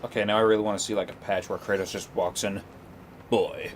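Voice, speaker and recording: A man's voice: on the low side, flat delivery, very fast, slight background noise. A man joking around in laid-back banter as a let's-play commentator. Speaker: gaming commentator. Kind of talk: casual let's-play chat.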